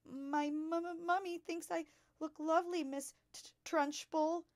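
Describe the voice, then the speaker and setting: A woman's voice: very high-pitched, steady tone, slow pace, pitched above the performer's own voice, full character voice. A woman voicing a frightened ten-year-old girl who stutters. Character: terrified little girl of about ten.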